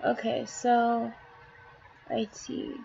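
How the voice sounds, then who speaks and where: A slightly hoarse woman giving a rambling, blunt art tutorial, swearing casually as she works. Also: on the high side, completely flat delivery, extremely slow, mellow, lo-fi sound, slight background noise.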